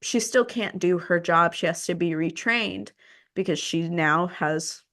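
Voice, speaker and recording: A woman podcast host, telling a story in casual conversation and acting out the quoted exchanges. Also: unhurried. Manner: animated, acts out quoted exchanges with rising pitch.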